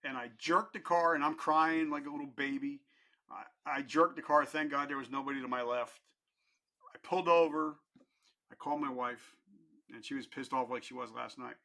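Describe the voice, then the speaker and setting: A man's voice: mid-range voice, steady tone, moderate pace, gravelly, sharp tone. A middle-aged man telling his personal story as a podcast guest, candid and earnest, with blunt, casual language.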